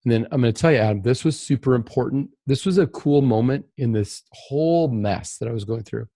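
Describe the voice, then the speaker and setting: A man's voice: medium pitch, fairly quick, dark tone, no room sound. A man on a podcast talking as a guest, earnest and reflective, often restarting his sentences as he tells a candid personal story.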